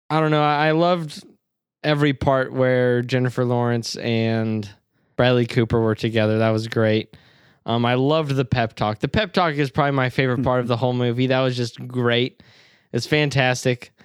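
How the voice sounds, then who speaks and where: Excitable man recapping a movie. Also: mid-range voice, moderate pace, clear, resonant tone, no room sound, studio quality. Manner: excitable, swearing, self-doubting storyteller. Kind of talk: casual movie review chat.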